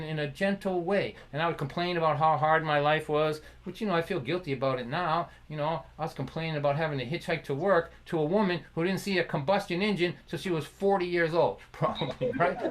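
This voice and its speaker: A man with a somewhat high voice tells a personal story on a concert livestream. He laughs between lines, restarts phrases, and slips into the voices of remembered talk. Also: low-quality recording. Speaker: folk singer and storyteller hosting a livestream concert. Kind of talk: storytelling monologue. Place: home livestream.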